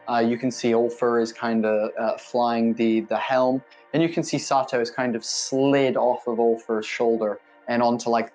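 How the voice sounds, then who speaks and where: A man's voice: mid-range voice, darkish tone, poor audio. Rambling man narrating a tabletop game. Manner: rambling, many fillers and restarts. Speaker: game master.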